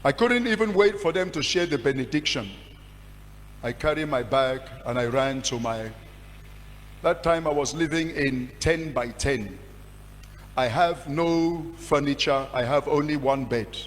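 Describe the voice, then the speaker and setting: A man, a pastor giving a testimony sermon with passionate storytelling that surges in pitch and volume. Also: lively intonation, a little slow. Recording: long hall reverb with faint hum.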